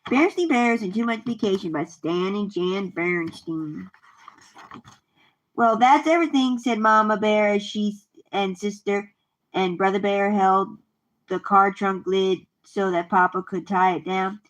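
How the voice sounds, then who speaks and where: A woman reads children's picture books aloud, animated and expressive. Her voice sits at a middling pitch, and she stumbles over a word now and then. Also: a little slow. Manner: lively, expressive read-aloud with occasional slips. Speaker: storyteller.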